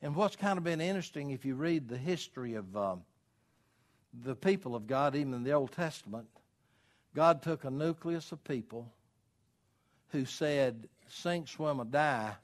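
A middle-aged man, preaching a folksy sermon and swinging from quiet asides to loud exhortation. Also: medium pitch, lively intonation, normal speed, pauses often. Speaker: pastor.

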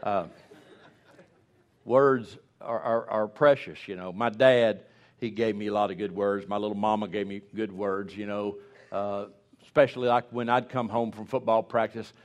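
A man's voice: fairly low pitch, fairly even intonation, normal speed. Folksy joking older male preacher. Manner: folksy, joking, rambling with restarts. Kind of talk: humorous storytelling sermon.

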